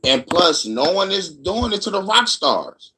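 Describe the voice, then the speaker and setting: A man chimes in on a casual podcast with a high, bright voice. He talks emphatically and swears as he makes his point. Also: sing-song, unhurried, slightly rough.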